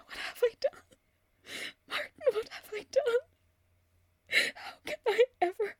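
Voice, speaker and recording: A woman voicing a distraught young woman in an audio drama monologue, tearful, her voice breaking, speaking in halting, stammering restarts. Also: very high-pitched, no echo. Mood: grief-stricken. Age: young adult. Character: grieving young woman, distraught, bent on revenge. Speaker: voice actor.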